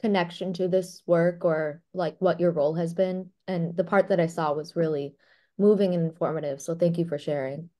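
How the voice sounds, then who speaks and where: Apologetic woman attendee, mellow tone, slightly low pitch, question from the audience. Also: fairly even intonation, normal speed. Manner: polite, apologetic. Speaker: webinar participant asking a question.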